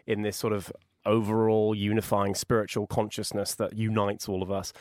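A man's voice: on the low side, normal speed, no room sound, studio quality. Sarcastic young man. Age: 20s. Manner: animated, sarcastic, mocking voices. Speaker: guest. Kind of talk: casual podcast chat.

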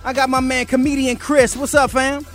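A man's voice: very high-pitched, flat delivery, normal speed, fairly bright tone, soft background music. A man hosting a radio interview in a laid-back, slangy hip-hop way. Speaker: radio host. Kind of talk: casual interview chat.

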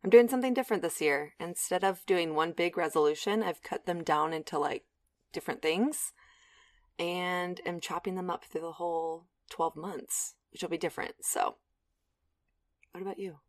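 A woman's voice: fairly low pitch, normal speed, dry recording, studio quality. A young woman co-hosting a podcast in casual chat, chatty with frequent fillers and laughs. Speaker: podcast co-host.

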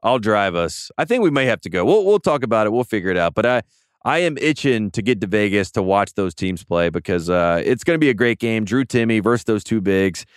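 A man's voice: on the low side, big pitch swings, a little fast, clean tone, dry recording, clean studio sound. A man hosting a sports podcast, chatting casually and enthusiastically with frequent word repeats. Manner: rambling, enthusiastic, repeats words often. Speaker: podcast host. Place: studio.

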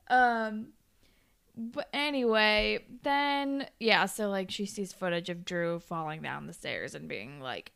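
A woman co-hosting a podcast in casual chat, blunt and quick to swear, laughing often. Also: medium pitch, vocal fry, a bit bright, smooth. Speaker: podcast co-host recapping a TV episode.

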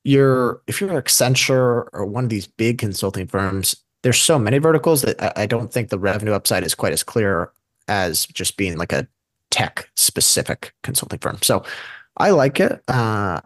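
A man's voice: lowish voice, lively intonation, normal speed, no room sound. A man co-hosting a casual investing show, talking in a rambling way and often correcting himself mid-sentence. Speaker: podcast co-host.

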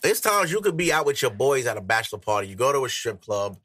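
A man's voice: medium pitch, very animated, fast, sharp tone, dry recording. A man hosting a podcast, arguing his point bluntly in casual, profane chat. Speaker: podcast host.

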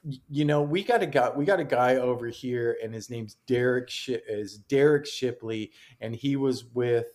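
A middle-aged man, a caddie co-hosting a podcast, telling stories in an excitable, rambling casual chat. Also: medium pitch, normal speed. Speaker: caddie and co-host.

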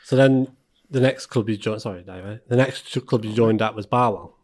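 A man's voice: fairly low pitch, a little fast, darkish tone. A man hosting a casual podcast, asking questions with loose, apologetic interjections. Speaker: podcast host.

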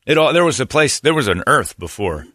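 A man's voice: medium pitch, big pitch swings, fairly quick, fairly bright tone, dry recording, clean studio sound. A man hosting a talk show, telling stories in a blunt, sarcastic way. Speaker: show host. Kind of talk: casual chat.

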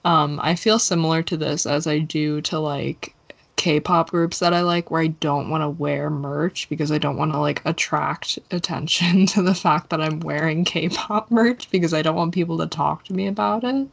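A woman's voice: deep voice, steady tone, normal speed, gravelly. A woman in her twenties co-hosting a casual movie podcast, laid-back and wry, laughing often. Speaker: podcast co-host.

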